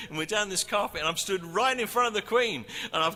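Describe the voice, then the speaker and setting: Man, conference talk, bright forceful tone, long hall reverb. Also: high voice, a little fast. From England. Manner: animated, acts out shouting crowd. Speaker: worship leader. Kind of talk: conference teaching with a story. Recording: reverberant hall, faint ambience.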